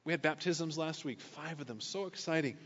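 A man's voice: fairly high pitch, a little fast, a bit bright. A male pastor preaching a sermon, reading scripture and adding casual conversational asides. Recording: echoey hall, dull lo-fi sound.

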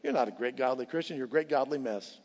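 A pastor preaching a sermon with passion, repeating key lines for emphasis. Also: male voice, medium pitch, fast talker, darkish tone. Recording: dull sound with long hall reverb.

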